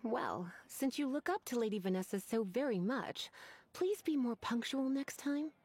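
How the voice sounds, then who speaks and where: Prim, haughty librarian. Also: female voice, on the high side, lively intonation, measured pace, a little mellow, husky. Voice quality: haughty, proper. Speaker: librarian collecting overdue books. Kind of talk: video game character dialogue.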